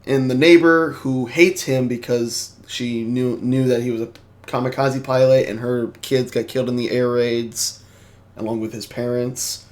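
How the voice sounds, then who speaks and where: A man giving a casual movie review, rambling, excitable and swearing freely. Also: mid-range voice, a little slow.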